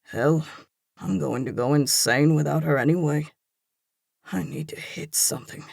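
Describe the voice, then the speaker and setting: An audiobook narrator reading a first-person romance in a slow, intense, hushed delivery. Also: mid-range voice, vocal fry, dry recording, studio quality.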